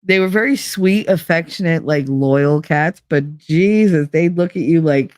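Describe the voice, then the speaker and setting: A woman's voice: sits low, normal speed, hardly any pauses, a little mellow, no room sound, clean studio sound. A woman hosting a casual livestream, chatting loosely, greeting viewers by name and swearing freely. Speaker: livestream host.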